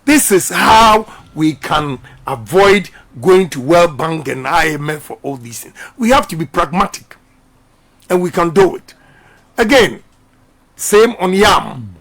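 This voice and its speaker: Emphatic Ghanaian man, high-pitched. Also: lively intonation, a little slow, fairly bright tone. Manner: repetitive, emphatic, preaching-style delivery. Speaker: politician. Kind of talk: impassioned radio interview.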